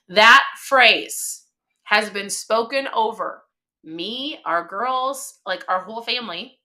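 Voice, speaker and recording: A woman's voice: medium pitch, moderate pace, sharp tone. A woman in her thirties hosting a motivational live stream, talking emphatically and chattily with many fillers.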